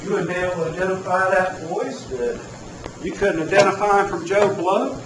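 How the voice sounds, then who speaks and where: A man's voice: high-pitched, moderate pace. A man cross-examining a witness in a courtroom, asking pointed, pressing questions. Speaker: defense attorney. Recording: echoey courtroom audio from far off, with noise.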